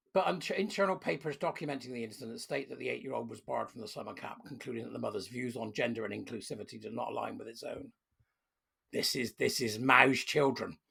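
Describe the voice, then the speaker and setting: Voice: mid-range voice, steady tone, fast, gravelly, breathy edge. A furious commentator, ranting emphatically while reading out and reacting to a news story. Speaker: online commentator. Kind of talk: angry opinion rant to camera.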